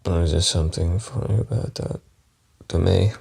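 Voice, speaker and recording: A man's voice: sits low, moderate pace, creaky, mellow, husky. An Australian man hosting a solo comedy podcast, rambling and swearing freely. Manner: rambling, profane, chuckling often. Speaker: podcast host.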